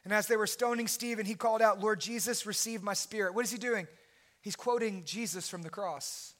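A man preaching a sermon as pastor, impassioned and at times shouting. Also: high voice, fairly quick.

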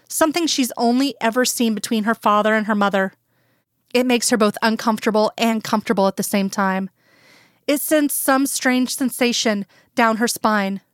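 A woman reading a fanfiction story aloud in calm, plain storytelling narration. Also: a little high, clear, resonant tone, no echo, studio quality. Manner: calm storytelling, plain voices for quoted characters. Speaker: fanfiction reader. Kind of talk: scripted narration.

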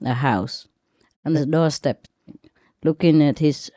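A woman spiritual teacher speaking informally to her disciples, playful and joking. She talks slowly with plenty of pauses, and her voice is dry and close with no room around it. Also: low voice, warm tone, dry recording. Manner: playful, laughing, telling jokes.

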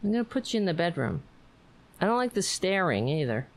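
A woman's voice: lowish voice, very animated, a little fast. Tired woman rambling on a livestream. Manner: playful, coaxing, rambling. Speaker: livestream host. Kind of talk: casual livestream chat.

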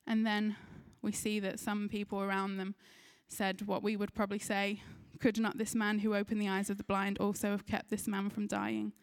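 A woman's voice: medium pitch, monotone, normal speed, few pauses, clean tone. A woman with an English accent preaching a sermon, retelling a scripture story in an earnest voice and briefly acting out the people in it. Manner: earnest storytelling, acts out quoted lines.

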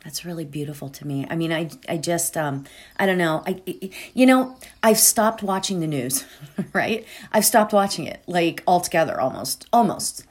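A woman's voice: on the low side, animated, normal speed. A woman hosting a meditation show, speaking casually and from the heart, rambling with many fillers and restarts before leading a guided meditation. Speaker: meditation host.

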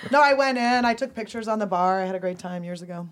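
A woman on a podcast cracking crude jokes in a deadpan way. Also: mid-range voice, fast, slight background noise. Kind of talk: casual podcast chat.

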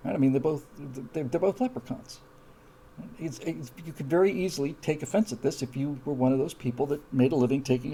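A man with a fairly high, brisk, mellow voice that's a little rough hosts a live stream, reading viewer comments aloud. His chat is casual, wry, and digressive, often breaking off and starting again.

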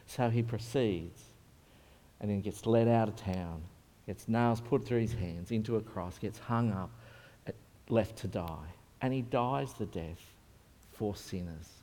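Earnest preacher in a big echoing hall. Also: male voice, on the low side, expressive, a little slow, darkish tone. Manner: earnest, conversational with vivid retelling. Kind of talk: sermon. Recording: long reverb in a large hall.

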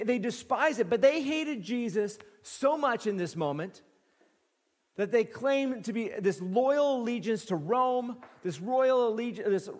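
A man with a high voice preaches a sermon, walking through the text and pressing his points by saying them twice. His words ring out with the long reverb of a large hall. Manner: emphatic, repeats phrases for stress. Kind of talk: expository sermon.

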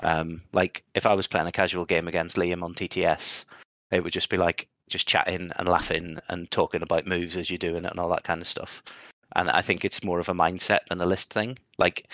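Deep-voiced male podcast co-host, rambling and reflective, dry close-miked sound. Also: level tone, fairly quick, fairly bright tone, no echo. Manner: rambling, self-reflective, filler-heavy. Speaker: podcast co-host and competitive player. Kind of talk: casual podcast chat.

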